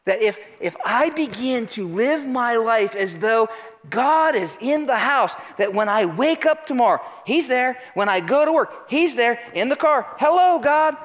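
Pastor, male, high-pitched, animated sermon delivery that calls out questions to the congregation. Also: a little slow. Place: church sanctuary.

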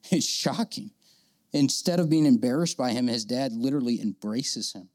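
A man preaching a sermon in a casual, animated way, acting out the voices of the people in the story. His voice sits at an ordinary pitch. The sound is dry and close, with little room echo. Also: moderate pace. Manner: conversational, animated, acts out quoted characters. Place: church auditorium with audience.

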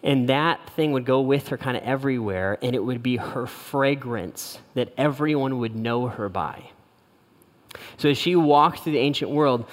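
Animated preacher in a reverberant hall. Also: male voice, medium pitch. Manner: lively storytelling, acts out quotes with a raised voice. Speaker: pastor. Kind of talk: sermon on marriage. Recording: long reverb of a large hall.

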